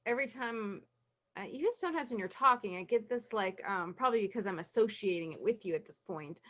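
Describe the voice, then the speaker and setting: A woman's voice: medium pitch, animated, fast talker, fairly bright tone. A woman in a group sharing, talking in an effusive, chatty way full of filler words. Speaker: group participant.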